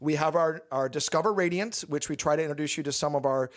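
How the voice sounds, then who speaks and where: A man's voice: fairly high pitch, quick pace. A man, a pastor, talking candidly and at length in a casual church question-and-answer session, with the odd dry joke. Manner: candid, joking, explains at length.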